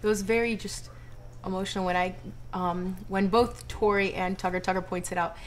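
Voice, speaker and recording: A woman's voice: medium pitch, fairly even intonation, moderate pace. A young woman interviewing an author, chatty and giggly, with lots of filler words. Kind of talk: casual interview questions. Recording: echoey room with faint noise.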